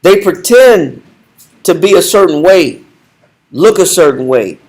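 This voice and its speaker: A man's voice: sits high, animated, a little slow, darkish tone. A man teaching a Bible study, directing a reader and repeating his points with commanding emphasis.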